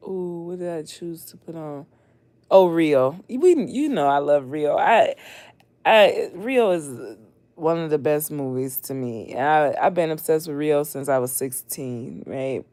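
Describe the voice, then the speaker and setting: Lively, slow-talking woman chatting on a livestream. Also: deep voice, no room sound. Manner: expressive, laughs often, swings from loud to hushed. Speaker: livestream host; mother. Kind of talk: casual late-night livestream chat.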